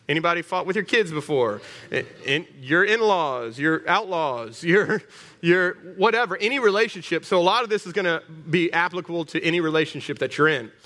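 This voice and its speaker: A man preaches with a high, bright voice, joking and rallying his congregation. His words ring out with long reverb in a church hall. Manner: animated, humorous, rallying the congregation. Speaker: pastor. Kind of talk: sermon.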